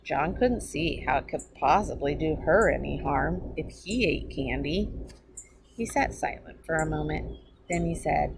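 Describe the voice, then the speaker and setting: Animated woman reading a children's book. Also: low voice, a little slow, vocal fry. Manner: chatty asides to listeners. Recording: background noise.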